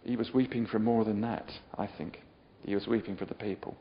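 A man preaching a sermon, moving from quiet storytelling to loud, shouted exhortation. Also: on the low side, steady tone, a little fast, gravelly, lo-fi sound.

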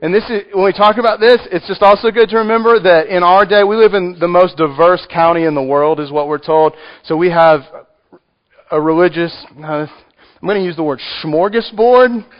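A man's voice: high voice, moderate pace. A man with a Texan accent preaching a sermon, conversational and joking with the congregation. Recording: muffled lo-fi recording.

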